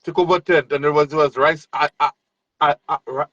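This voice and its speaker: A man hosting a casual interview from overseas, speaking in a relaxed, encouraging way with frequent restarts. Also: a little high, fairly quick, no room sound, lo-fi sound. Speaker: host. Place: overseas, remote.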